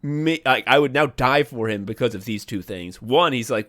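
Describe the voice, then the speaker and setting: A man co-hosting a podcast, telling stories in casual, profane, animated chat. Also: medium pitch, normal speed. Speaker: podcast co-host. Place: separate rooms from co-host.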